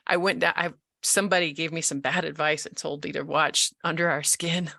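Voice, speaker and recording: A woman in her forties from Colorado, a guest telling her story in a casual interview, animated, acting out the voices she quotes, with frequent restarts. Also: sits low, moderate pace, creaky, no echo, clean studio sound.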